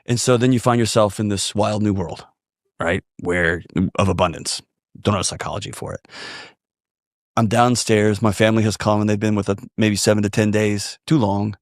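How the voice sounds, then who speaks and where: A man with a drawl telling a personal story on a podcast in an earnest, animated way. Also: lowish voice, moderate pace, no echo, clean studio sound. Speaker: podcast guest. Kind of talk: storytelling conversation.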